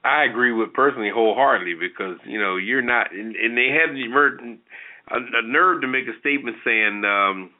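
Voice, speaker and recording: Male talk-show co-host, blunt and animated, average pitch, phone-thin sound. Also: brisk. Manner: blunt, animated, with frequent restarts. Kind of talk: opinionated casual commentary. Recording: tinny phone-like audio.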